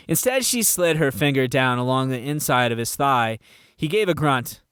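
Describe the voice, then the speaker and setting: Man reading a fantasy audiobook, smooth clear voice, bone-dry close sound. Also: mid-range voice, lively intonation, normal speed, fairly bright tone, dry recording. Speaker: narrator. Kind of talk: fan audiobook narration.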